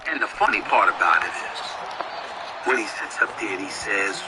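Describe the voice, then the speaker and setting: A man in his fifties, a sports commentator, delivering an impassioned, combative monologue with emphatic repeated questions that climb up high. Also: normal speed, crowd noise, noisy background. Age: 50s.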